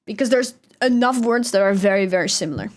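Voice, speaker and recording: A woman's voice: medium pitch, animated, fast talker. A young woman with a Dutch accent, chatting casually on a livestream and reading out chat. She talks loosely, swears and laughs often. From Netherlands. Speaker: streamer.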